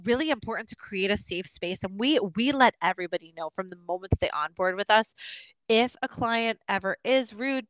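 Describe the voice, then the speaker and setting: A woman's voice: mid-range voice, a bit bright, no room sound, rough recording. A woman co-hosting a podcast, giving earnest advice in casual chat. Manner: earnest, advising. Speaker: podcast co-host.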